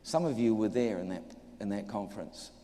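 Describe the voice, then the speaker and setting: A different man, a preacher from New Zealand, tells a lively, humorous testimony as part of a sermon. His lowish voice is brisk, and he is an animated storyteller who acts out voices and jokes with the audience. The recording has echoey hall reverb.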